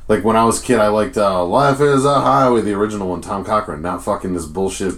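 A man's voice: fairly low pitch, fast, a bit bright, slight background noise. A young man with a Rhode Island accent hosting a casual podcast, talking in a rambling, profane way full of fillers. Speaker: podcast host.

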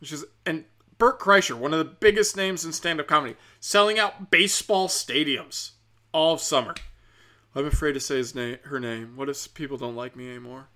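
A man's voice: on the high side, moderate pace, bright, forceful tone. A man hosting a podcast, talking in a rambling, profane, sardonic comic monologue. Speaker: podcast host.

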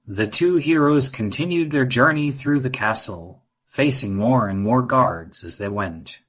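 A man narrating a children's adventure story in an even, measured reading. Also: on the low side, husky.

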